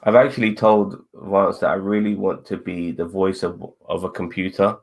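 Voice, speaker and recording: A man's voice: low-pitched, level tone, normal speed, gravelly, a little mellow. A man in casual chat, talking loosely and hesitantly with many fillers.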